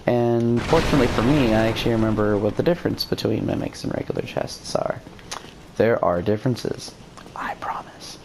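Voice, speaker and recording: A woman with a very deep voice giving rambling, self-deprecating let's-play commentary as she plays. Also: fairly quick, gravelly, background noise. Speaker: game streamer.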